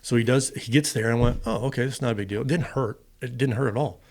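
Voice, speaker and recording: A podcast guest and retired fighter pilot, this middle-aged American man talks fast in a steady, darkish mid-range voice. He casually narrates a long personal story in the interview, performing both sides of each exchange.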